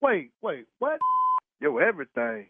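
A man's voice: a little high, wildly swooping pitch, a little slow, background noise. A tired truck-driving man talking on the phone in blunt street slang, swearing and demanding to know who is calling. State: tired from work. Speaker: prank call target, truck driver. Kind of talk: phone conversation. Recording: tinny phone line.

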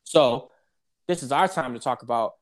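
A man's voice: mid-range voice, normal speed. A man co-hosting a casual sports debate show, talking animatedly and repeating his points to hype the game.

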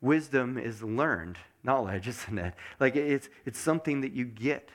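A man preaching a sermon as pastor, asking the congregation many questions and dropping to a soft mutter to show meditation. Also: medium pitch, measured pace. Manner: animated, asks the congregation lots of questions; drops to a soft mutter when showing meditation.

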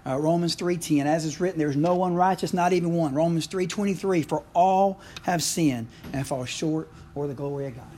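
A man's voice: a little high, brisk, few pauses, mellow. A middle-aged man, preaching a conversational sermon full of asides and questions to the congregation. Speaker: pastor.

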